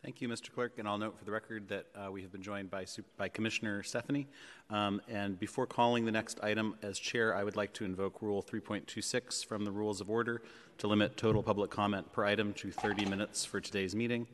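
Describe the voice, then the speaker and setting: A man with a lowish voice chairs a public board meeting. He speaks in a measured way, pausing on fillers. His voice rings with the long reverb of a big chamber. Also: flat delivery, fairly bright tone. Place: large legislative chamber.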